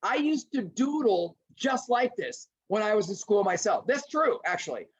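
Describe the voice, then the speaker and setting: A middle-aged man presenting a lively webinar lecture to teachers, acting out little scenes as he goes. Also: high-pitched, normal speed, husky. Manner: animated, acts out little scenes in voices. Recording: dull lo-fi webinar audio.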